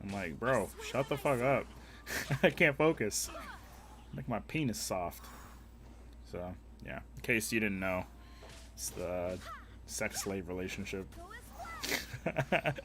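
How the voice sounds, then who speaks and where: Crude joking young male streamer, low voice. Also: lively intonation, slow, long pauses, background noise. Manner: crude, joking, rambling, talking to chat. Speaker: live streamer. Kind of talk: casual gaming stream chat.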